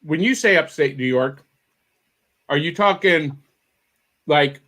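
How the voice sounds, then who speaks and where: A man hosting a morning podcast, talking in an upbeat, excitable way and often repeating his phrases, over a video call. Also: a little high, takes it slowly. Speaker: podcast host. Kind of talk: casual chat.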